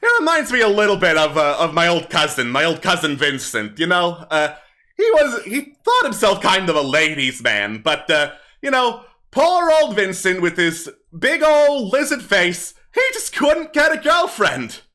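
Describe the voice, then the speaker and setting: A man's voice: high voice, very animated, moderate pace, bright, forceful tone, voice pushed up, full character voice. A man voicing a sleazy male kobold comic who tells corny, crude jokes to a crowd. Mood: smarmy. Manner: brash, corny joke-telling to a crowd. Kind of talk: actual-play tabletop game.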